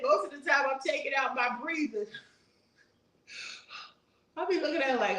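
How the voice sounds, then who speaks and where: A woman's voice: sits high, expressive, normal speed, pauses often, sharp tone, echoey room, poor audio. A woman in her sixties hosting a casual live stream, chatting with viewers and reading their comments aloud, with churchy asides. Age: 60s. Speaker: YouTube host reading live chat.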